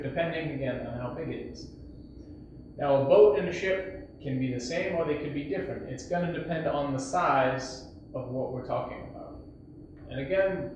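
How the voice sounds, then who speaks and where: A man teaching an English grammar lesson, explaining patiently and acting out shouted examples. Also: medium pitch. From United States. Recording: echoey, distant, dull lo-fi sound with faint hiss.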